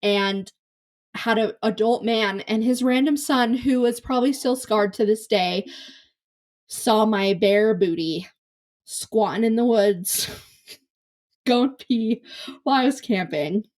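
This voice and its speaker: A woman's voice: on the high side, slow pace, pauses often, a little mellow. A young woman hosting a podcast, telling a long embarrassing story in a rambling, self-deprecating way full of fillers. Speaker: podcast host. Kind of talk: casual storytelling monologue.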